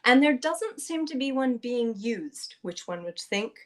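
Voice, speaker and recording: A woman with a fairly high voice tells the story of a tabletop game session. She talks casually and chattily, with lots of fillers, and acts out quotes along the way. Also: lively intonation, measured pace. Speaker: podcast host recapping a tabletop game session.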